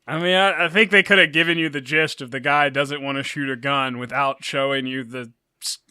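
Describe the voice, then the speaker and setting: A man's voice: mid-range voice, steady tone, a little fast, pushed and bright, smooth, no room sound, clean studio sound. A man co-hosting a casual movie podcast, blunt and self-deprecating, laughing often. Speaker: podcast co-host.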